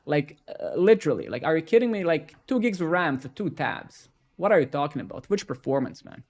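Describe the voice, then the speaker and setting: Sing-song and a little high, this man's voice moves briskly as he codes on a live stream. He rants, swears casually, keeps adding "right?" and "man" to his lines, and mutters quietly while debugging.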